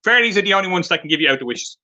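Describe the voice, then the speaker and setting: A high, animated male voice races along, bright and forceful, though the audio sounds dull. He's an Irish craft vendor on a live stream, demonstrating his handmade pieces and telling playful stories packed with fillers.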